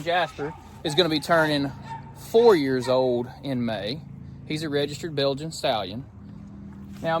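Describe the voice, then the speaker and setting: A man's voice: on the high side, a little hiss or hum. A man talks casually and folksily on a farm, doing a sponsor read and then explaining his young logging horses. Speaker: farm vlogger. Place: outdoors on a farm, by a barn.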